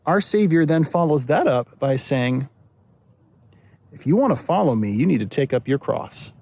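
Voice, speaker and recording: A man, a pastor, giving a short devotional talk in a relaxed, conversational way, often restarting and repeating words. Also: on the high side, normal speed. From United States.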